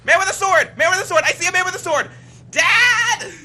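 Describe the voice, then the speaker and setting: Little Cyclops kid, shrieky and excitable. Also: male voice, very high voice, fairly quick, voice pushed up, heavily acted. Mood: panicked. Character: small frightened Cyclops boy.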